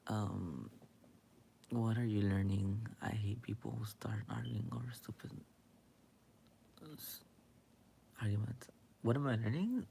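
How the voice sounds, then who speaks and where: A young man rambling in a late-night monologue, hesitant and halting, with many fillers, often dropping into a whisper. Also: lowish voice, vocal fry, dark tone, slight background noise. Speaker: vlogger.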